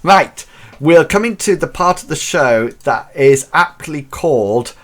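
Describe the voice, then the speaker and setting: A man's voice: fairly high pitch, lively intonation, unhurried. A man hosting a live teaching show, chatting loosely and waffling with lots of restarts and fillers. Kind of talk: rambling live show monologue.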